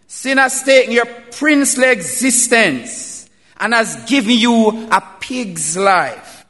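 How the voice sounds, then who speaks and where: Slow, high-voiced male preacher in a hall. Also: pushed and bright. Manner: slow, emphatic preaching with rising calls. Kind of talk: sermon. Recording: reverberant hall.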